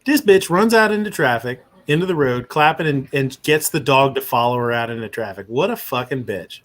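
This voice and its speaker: A man's voice: mid-range voice, expressive, fairly quick, fairly bright tone. A man hosting a live stream, reacting to viral clips with blunt, profane, joking commentary and frequent laughs.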